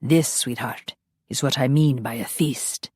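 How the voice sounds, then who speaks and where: A woman voicing a brooding centuries-old male vampire with a put-on Scottish accent, speaking in a slow, hushed, commanding way in an audiobook. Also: very deep voice, slightly rough, no echo, pitched below the performer's own voice, heavily acted. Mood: seductive. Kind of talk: audiobook narration.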